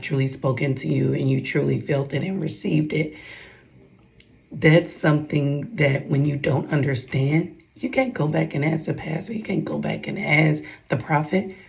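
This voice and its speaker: A woman's voice: low-pitched, vocal fry, darkish tone, low-quality recording. A young woman giving a casual devotional talk to her followers, chatty and calling out to her viewers, acting out others' voices as she retells talks. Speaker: faith vlogger.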